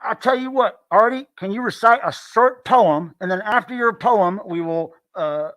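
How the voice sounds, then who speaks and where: A man hosting a live stream with loud, joking, profane banter. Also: high voice, moderate pace. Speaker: host. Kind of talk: casual live-stream chat.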